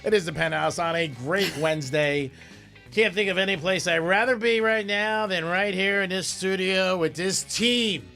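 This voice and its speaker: A man hosting a radio talk show in a studio, ranting in an animated, exasperated way. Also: high voice, moderate pace, creaky, faint music behind.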